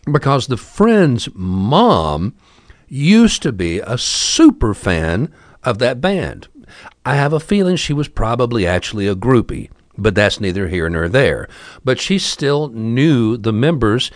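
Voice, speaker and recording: Male storyteller, wry conversational asides, very lively delivery, mid pitch. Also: takes it slowly, no room sound. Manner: wry, chatty, asides to the listener. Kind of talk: casual spoken storytelling.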